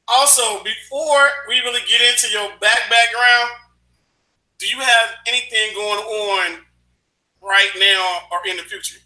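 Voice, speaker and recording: A man's voice: high voice, bright, forceful tone, roomy sound, low-quality recording. A man from Dayton, Ohio, hosting a live stream in loose casual chat and addressing the viewers directly. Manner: loose, talks to the viewers as "y'all".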